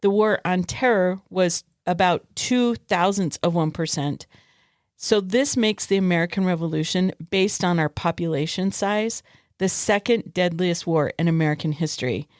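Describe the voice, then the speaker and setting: Woman co-host, Arizona accent, earnest and on-topic, lower pitch, dry sound. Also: darkish tone, no room sound. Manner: earnest, steering the talk back on topic. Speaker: podcast co-host. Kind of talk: casual chat.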